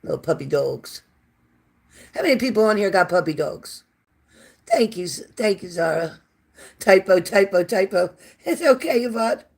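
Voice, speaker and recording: A woman with a raspy, low smoker's voice and a sore throat, hosting a casual livestream and warmly thanking viewers by name. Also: expressive, normal speed, long pauses. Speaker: livestream host reading viewer comments.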